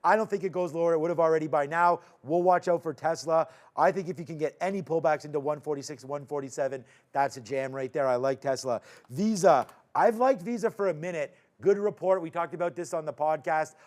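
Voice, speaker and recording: A man's voice: a little high, darkish tone. A man hosting a live market recap show, chatting casually and joking between stock calls. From Canada. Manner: upbeat, joking, quick asides. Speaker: host.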